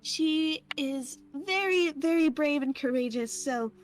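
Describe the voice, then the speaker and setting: Soft-spoken woman player, high voice. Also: slow pace, low-quality recording. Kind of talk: casual tabletop play.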